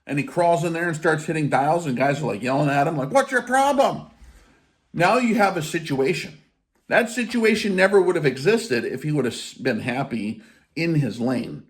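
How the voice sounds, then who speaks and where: A man's voice: a little high, normal speed. A man giving an informal spiritual teaching in a blunt, emphatic way, with casual swearing. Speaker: faith teacher.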